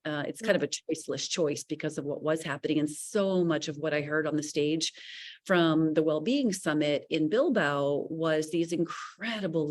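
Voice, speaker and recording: A woman speaking as a panelist in a casual online discussion, animated and full of restarts and asides. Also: low voice.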